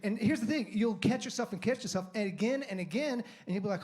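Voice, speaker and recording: Male guest preacher, chatty and loose, fairly high pitch, acts out his own thoughts. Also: animated, fast talker, darkish tone. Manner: conversational, rambling with restarts and acted inner monologue. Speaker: guest speaker. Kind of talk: sermon talk. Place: church sanctuary.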